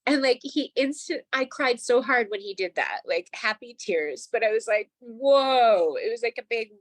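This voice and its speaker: A woman's voice: fairly high pitch, lively intonation, normal speed, a bit bright, no room sound, poor audio. A woman in her forties telling her personal story as a guest on a video call, earnest and chatty, with many "like"s. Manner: earnest, chatty, says "like" often. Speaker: tapping practitioner and guest.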